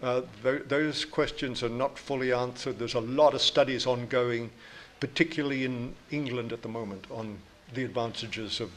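A man with a New Zealand accent answers audience questions at a lecture, talking in a measured, explanatory way. His voice sits at an ordinary middle pitch, and he often restarts his sentences as he works through a point. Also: steady tone, a little hiss or hum. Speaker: invited scientist answering questions.

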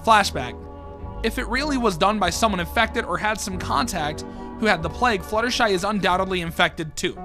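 High-voiced man reacting while reading. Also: brisk. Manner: casual, reacting aloud between reading. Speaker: YouTuber. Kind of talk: reading and reacting to a fan horror comic. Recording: music playing underneath.

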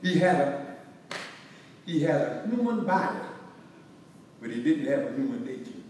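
A male pastor teaches a Bible study in a church hall with a preacherly, repetitive cadence that rises and falls. His darkish voice sits on the high side with big pitch swings at normal speed. The distant mic catches long hall echo and a little hiss or hum.

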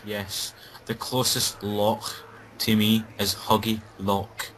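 A man's voice: fairly low pitch, flat delivery, slow pace, a bit bright, slight background noise, poor audio. A Scottish man chatting casually and sarcastically while playing a game. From Scotland. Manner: joking, sarcastic banter. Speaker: gaming commentator. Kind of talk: casual gameplay chat.

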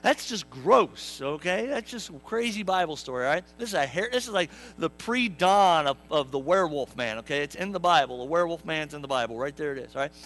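Preaching a funny sermon in the church sanctuary, this young adult pastor plays out the characters and puts questions to the congregation in a jokey storytelling way. He speaks a little high, animated and brisk, barely pausing, with a fairly bright tone on a rough recording.

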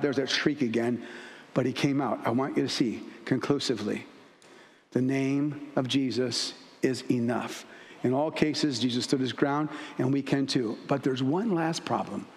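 A male pastor preaching a sermon, emphatic and storytelling, acting out scenes as he goes. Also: medium pitch. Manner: emphatic, storytelling with acted asides. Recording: echoey church hall.

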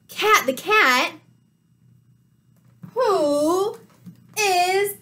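A woman teacher reading a picture book aloud to young children, animated and full of gasps. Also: very high-pitched, drawn-out words, long pauses.

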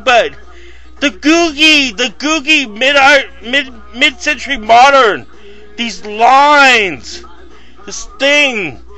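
A man vlogging casually, rambling and bursting into loud mock shouts. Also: extremely high pitch. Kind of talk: casual vlog commentary.

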